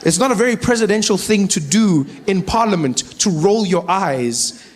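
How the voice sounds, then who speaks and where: A young man with a South African accent doing stand-up comedy, animated and incredulous. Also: high voice, normal speed.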